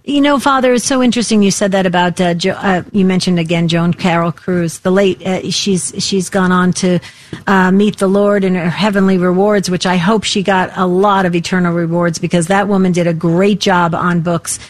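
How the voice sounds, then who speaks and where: A woman hosting a radio talk show, chatting warmly and effusively with many fillers and restarts. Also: fairly low pitch, steady tone, moderate pace, no echo.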